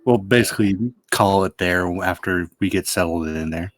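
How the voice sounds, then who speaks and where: A man's voice: deep voice, normal speed, dry recording. A man running a tabletop game as game master, talking casually and laughing easily. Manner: easygoing, laughs often.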